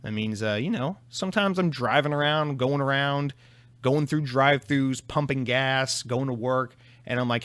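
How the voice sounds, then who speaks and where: A man's voice: medium pitch, a little fast, a bit bright, clean tone, no echo. Brief: young male podcaster, mid-range voice, loose profane rambling, dry studio sound. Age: 20s. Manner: rambling, profane, self-deprecating. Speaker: podcast host. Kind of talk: casual solo podcast chat.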